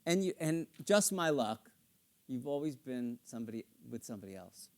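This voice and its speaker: A man's voice: medium pitch, big pitch swings, normal speed, a little mellow. A middle-aged man coaching a singer in a live masterclass on a theater stage. He acts out lyrics and a character's inner thoughts, playful and sometimes swearing. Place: theater stage with studio audience.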